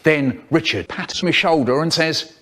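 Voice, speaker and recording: A man telling a rambling, crude comic story about a school day, with sudden leaps in pitch and loudness. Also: a little slow.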